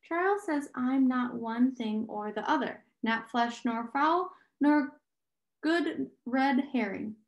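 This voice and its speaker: Woman doing a pushy prickly teen girl, high voice, echoey room. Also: animated, takes it slowly, heavily acted. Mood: insistent. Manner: insistent, demanding. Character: insistent, prickly teenage girl.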